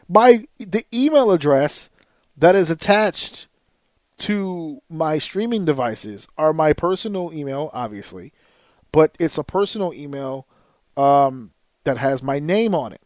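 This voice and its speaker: Brief: man, higher-pitched host, dry close sound, cursing, exasperated storytelling rant. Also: expressive, measured pace, no room sound. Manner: profane, exasperated, loud outbursts. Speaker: podcast host.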